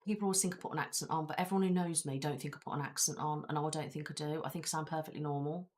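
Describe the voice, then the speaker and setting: Low-voiced chatty British woman. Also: fairly even intonation, rapid-fire, darkish tone. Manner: rambling, chatty, reads viewer comments aloud. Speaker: ASMR channel host. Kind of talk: casual live-stream chat. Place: seated at home in a chair with her feet up.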